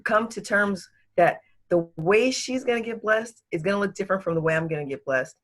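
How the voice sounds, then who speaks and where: A woman's voice: mid-range voice, a little fast. A woman executive coach being interviewed, giving advice emphatically and repeating words for stress.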